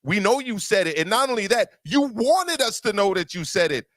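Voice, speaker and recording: A man's voice: high voice, sing-song, normal speed, fairly bright tone, no echo. A man hosting a boxing talk show, arguing emphatically and repeating words as he builds his point. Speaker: boxing podcast host. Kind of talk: opinionated casual discussion.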